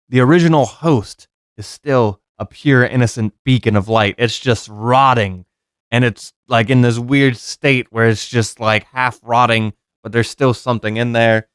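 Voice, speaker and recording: A young man talking through a movie review in a casual, frank way, getting exasperated and swearing freely. His voice is very smooth and clear, at an ordinary middle pitch, recorded close and dry with no room sound. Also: dry recording.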